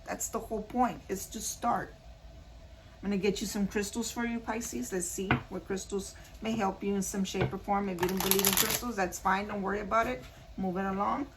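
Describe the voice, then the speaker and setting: A woman talks through a tarot reading in a casual, earnest way, circling back to the same phrases again and again as she speaks straight to her viewers. Her voice sits at a middle pitch. A faint hiss runs under the recording. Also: little pitch movement, fairly quick. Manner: repetitive, earnest, addresses viewers directly. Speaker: tarot card reader.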